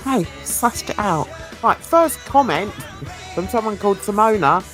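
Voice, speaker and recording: Chatty woman with lively pitch. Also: unhurried, soft background music. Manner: chatty, self-mocking, laughs at herself, stumbles over reading. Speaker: true crime channel host. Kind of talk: casual chat reading comments.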